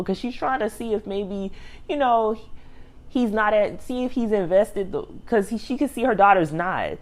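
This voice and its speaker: A woman's voice: mid-range voice, a little slow. A woman hosting her own review channel, casually recapping a TV episode and acting out what people said, often laughing. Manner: animated retelling, acts out quotes, laughs often.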